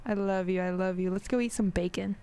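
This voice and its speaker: A woman's voice: mid-range voice, steady tone, fast, warm tone, clean tone. A woman hosting her own podcast in casual chat, affectionate and giggly, gushing as she talks. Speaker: podcast host.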